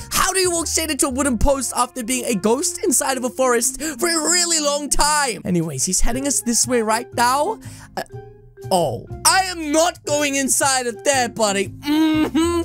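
A woman hosting a game video with excited commentary. She addresses viewers as "ladies and gentlemen" and breaks into shouts and sing-song lines. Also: sits high. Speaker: gaming video host. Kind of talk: excited let's-play commentary.

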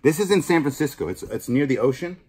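A man hosts a vlog while going through a storage unit, talking casually to camera in a chatty, jokey way and musing aloud as he works. He speaks fast in a voice on the high side, with lively intonation and a breathy edge.

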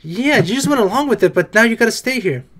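A YouTuber reacting to an anime, with casual joking commentary and sudden excited outbursts. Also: medium pitch, quick pace.

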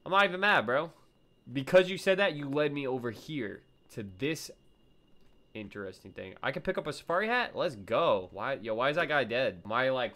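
Excitable young man yelling at a horror game. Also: medium pitch. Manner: excitable, yelps and shouts at scares; slangy, chatty, talks to viewers. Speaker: gaming streamer. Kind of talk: live gameplay commentary to chat.

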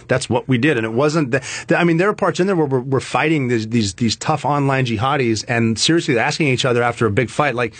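A man, a former soldier being interviewed on a talk show, telling stories quickly and acting out the quoted dialogue. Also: mid-range voice, husky. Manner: rapid anecdotes, acts out quoted dialogue. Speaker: guest, former special operations soldier.

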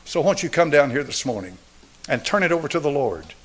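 A man in his seventies preaching a sermon and altar call, driving points home through repetition and swinging between raised and hushed delivery. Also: a little high, sing-song, fast, slightly rough. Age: 70s. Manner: emphatic, repetitive preaching cadence. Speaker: pastor.

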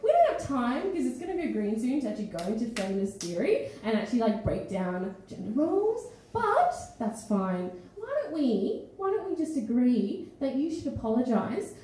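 A woman's voice: high voice, fairly quick. An Australian woman telling a story at a live poetry event, acting out the people in it as she goes. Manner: animated, acts out the people in her story. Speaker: feature poet. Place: small studio venue with a live audience. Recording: echoey live room recording.

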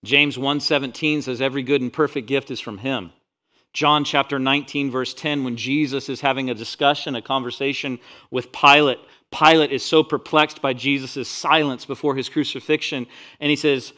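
Animated pastor with a higher voice. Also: male voice, normal speed. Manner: animated preaching, swells loud on scripture quotes; drops to quiet, intimate asides. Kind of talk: sermon.

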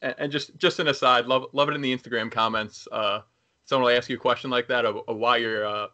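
A man's voice: mid-range voice, steady tone, fast, bright, forceful tone, lo-fi sound. A male podcast host talking casually, agreeable and a little hesitant, often restarting his phrases.

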